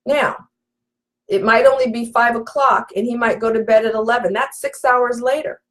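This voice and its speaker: A woman's voice: fairly high pitch, fairly even intonation, moderate pace, a bit bright. A woman relationship coach giving an emphatic live session, talking straight to her audience. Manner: emphatic, preacherly, addresses audience directly.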